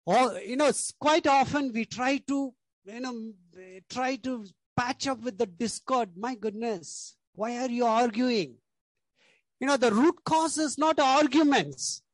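A man's voice: extremely high pitch, unhurried, dry recording. A male pastor preaching a sermon, stressing key words, repeating lists and leaning on "you know".

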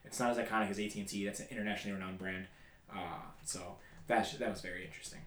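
A man's voice: lowish voice, steady tone, very fast, reverberant. A man hosting a podcast, chatting casually and rambling at length with many fillers. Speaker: podcast host. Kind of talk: casual chat.

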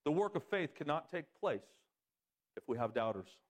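Pastor, man, mid-high voice, lively sermon delivery with big pitch jumps. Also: normal speed. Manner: animated preaching, swings pitch up for emphasis.

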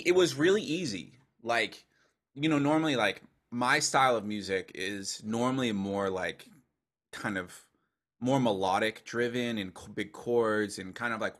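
A man, a dubstep producer as a guest, chatting casually and telling animated stories with lots of fillers and swearing. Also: on the low side. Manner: animated storyteller, heavy filler use, swears. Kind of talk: casual interview chat.

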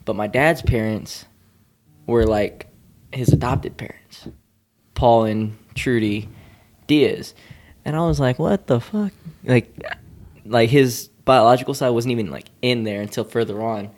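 A man's voice: mid-range voice, unhurried, pauses often, a little mellow. A man in casual conversation, laid-back and crude-humored, telling stories. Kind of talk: casual chat.

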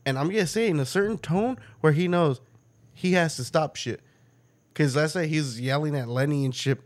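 A man co-hosting a podcast in casual chat, profane and laughing often, breaking into quick mocking impressions. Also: fairly high pitch. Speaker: podcast co-host.

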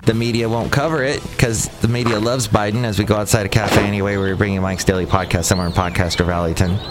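A man's voice: fairly low pitch, steady tone, fast talker, over loud music. A man hosting a solo podcast outdoors near a cafe, rambling sarcastically and restarting his sentences often. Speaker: podcast host. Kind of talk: casual solo podcast monologue.

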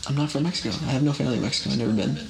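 A man's voice: medium pitch, racing, vocal fry, over a noisy crowd. A young man co-hosting a casual podcast chat, joking at his own expense and swearing freely. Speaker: podcast co-host.

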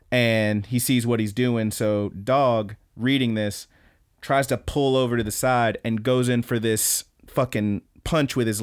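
A young man co-hosting a podcast, recapping an anime fight in a casual, animated play-by-play full of swearing. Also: medium pitch. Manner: animated, profane play-by-play storytelling. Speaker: podcast co-host.

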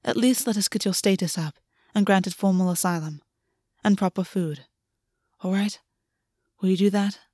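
A woman's voice: mid-range voice, normal speed, warm tone, no room sound, studio quality, lightly acted. A woman reading aloud and voicing a scheming, petty male fae lord who talks persuasively. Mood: gentle.

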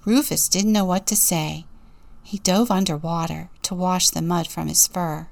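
A woman deacon gently reading a children's story aloud and asking the listener questions. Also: lowish voice, fairly even intonation, unhurried, gravelly.

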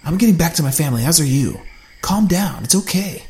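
A man's voice: a little high, expressive, brisk, a little mellow, slight background noise, pitched above the performer's own voice, close to an everyday voice. A man voicing a firm, protective male survivor who snaps and then reassures.

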